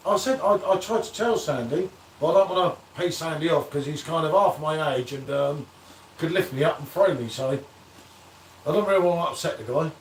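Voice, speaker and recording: A man's voice: on the high side, brisk, slight background noise. A man hosting a casual live beer-review stream, bantering and reading out viewer comments. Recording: echoey room, distant from the mic.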